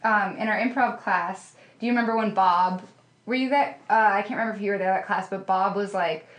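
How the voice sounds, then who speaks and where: A woman's voice: mid-range voice, roomy sound. Chatty young woman guest. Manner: chatty, quick, lots of fillers like "like". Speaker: podcast guest. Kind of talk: casual chat.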